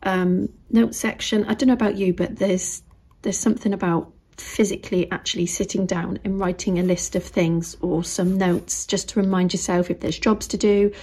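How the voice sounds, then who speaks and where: A British woman chats through a casual craft vlog, showing off items to the camera. Her voice sits at an ordinary middle pitch. She keeps slipping into soft, half-whispered asides. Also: fairly even intonation, normal speed, hardly any pauses, husky. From United Kingdom. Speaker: craft vlogger.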